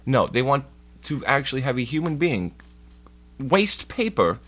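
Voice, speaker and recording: A man's voice: medium pitch, big pitch swings, a little slow, fairly bright tone. A man streaming from home, rambling through a profane story in casual chat and putting on voices for the people he quotes. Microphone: laptop mic.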